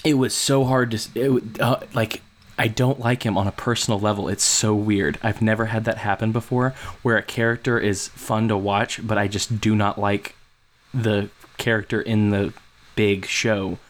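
A man co-hosting a podcast, telling a long story in a rambling, animated way and acting out what people said. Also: fairly low pitch, moderate pace. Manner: rambling, animated, acts out quotes. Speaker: podcast co-host. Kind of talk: casual storytelling chat.

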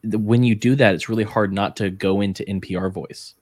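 A man's voice: on the low side, steady tone, brisk, darkish tone, no room sound. Joking, loose male podcast host. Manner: jokey, loose, rambling. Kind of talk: casual podcast chat.

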